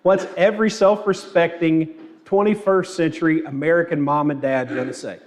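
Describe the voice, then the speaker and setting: A man's voice: a little high, fairly even intonation, normal speed. A man leading a church Bible class, asking the group questions and telling anecdotes with light humor. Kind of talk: interactive Bible class teaching.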